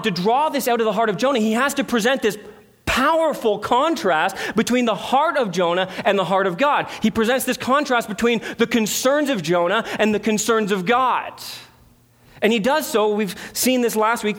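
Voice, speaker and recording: A man's voice: high-pitched, lively intonation, moderate pace, fairly bright tone. A man preaching a sermon as pastor, emphatic, with rhetorical questions and repeated phrases.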